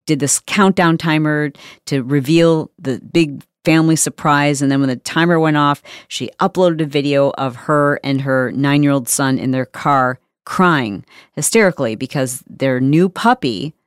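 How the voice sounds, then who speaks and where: A woman's voice: sits low, normal speed, smooth, no echo, clean studio sound. A woman hosting her own podcast, talking frankly and emphatically in a conversational monologue. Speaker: podcast host.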